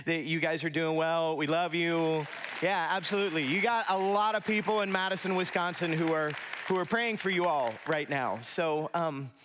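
A man's voice: fairly high pitch, moderate pace, crowd noise, noisy background. A middle-aged man as pastor, preaching a conversational sermon with storytelling and asides in a church sanctuary.

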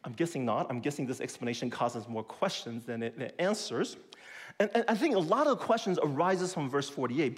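A middle-aged man preaching a sermon, stressing key points slowly and acting out quoted voices with big jumps in pitch. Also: expressive. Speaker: pastor.

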